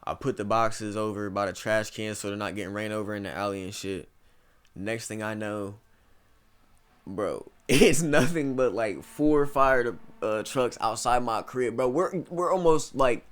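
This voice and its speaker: A man's voice: on the low side, unhurried, fairly bright tone. A young man in his twenties from Ohio, a guest in a casual interview, rambling through stories and saying "bro" a lot. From Ohio, USA. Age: 20s. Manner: rambling storytelling, peppered with "bro".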